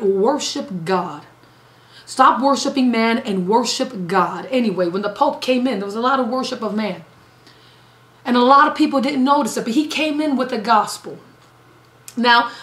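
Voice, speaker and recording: A woman's voice: a little high, fairly bright tone. Emphatic woman evangelist preaching, roomy echo. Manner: emphatic, repeats phrases for stress. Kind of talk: sermon.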